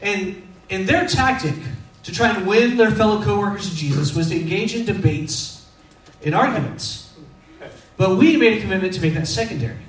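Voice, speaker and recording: With a high, animated voice at a moderate pace, a Texan man in his thirties turns his sermon into laid-back, comic stories that poke fun at himself. Expect echo and a far-away microphone.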